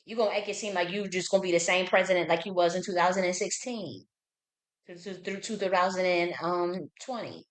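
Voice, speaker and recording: Woman, livestream commentary, blunt, profane, fiery, lowish pitch. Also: brisk, reverberant. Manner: blunt, heated, profane, repeats herself. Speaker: livestream host.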